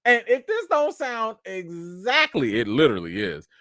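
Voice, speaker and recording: A young man hosting a live chat show, animated commentary with mocking asides and rising near-shouts. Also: sits high, normal speed, no room sound, clean studio sound. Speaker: show host.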